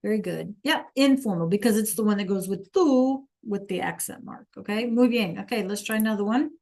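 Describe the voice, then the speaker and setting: A woman's voice: medium pitch, brisk, gravelly, a little mellow. A woman teaching an online Spanish class over a video call, encouraging students to answer in the chat.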